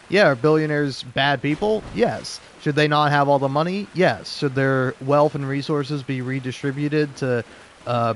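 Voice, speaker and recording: A young man at an ordinary, middle pitch talks his thoughts through while he plays. He rambles in a halting way, restarts his sentences often and leans on filler words as he circles an idea. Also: slight background noise. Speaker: gaming video creator. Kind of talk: rambling musing commentary while playing.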